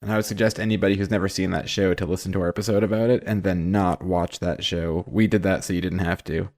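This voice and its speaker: A man's voice: low voice, fairly even intonation, fast, a little mellow. A man co-hosting a podcast, chatting casually with wry jokes. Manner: wry, joking. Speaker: podcast co-host.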